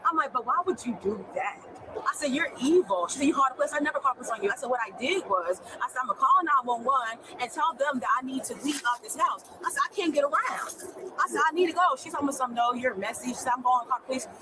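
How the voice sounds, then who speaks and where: Agitated woman, high voice, talks fast, keeps quoting "I said" as she recounts a fight at home. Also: animated, background noise. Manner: rapid, agitated, constantly quoting others with "I said". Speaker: person telling an officer about a family fight. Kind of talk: heated retelling.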